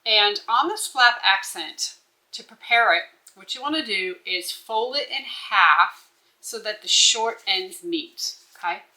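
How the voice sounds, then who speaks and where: Woman instructor, crisp bright voice, patient step-by-step sewing walkthrough. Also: mid-range voice, lively intonation, slow, rough recording. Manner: instructive, checks in with "okay?". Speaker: bag-making instructor.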